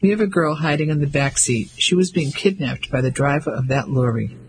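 A man voicing a brisk young English lady who speaks in clipped, firm tones. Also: a little high, slight background noise, close to an everyday voice, rough recording.

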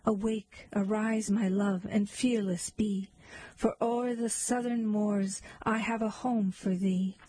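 A woman voicing an ardent young male lover as she reads a narrative poem aloud, in a slow, measured recitation. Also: mid-range voice, fairly even intonation, mellow, breathy edge, no room sound, rough recording. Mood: tender pleading.

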